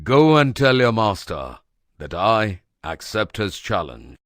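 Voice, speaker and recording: All-knowing chief god voiced by a man, cool and in charge, big pitch swings. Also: sing-song, a bit bright, no room sound, studio quality, exaggerated voice. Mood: commanding. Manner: commanding and unhurried. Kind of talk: storybook acting.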